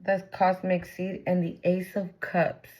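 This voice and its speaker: A woman's voice: lowish voice, little pitch movement, measured pace, darkish tone, rough recording. A woman giving a casual tarot reading, blunt and profane, full of slang. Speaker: tarot reader.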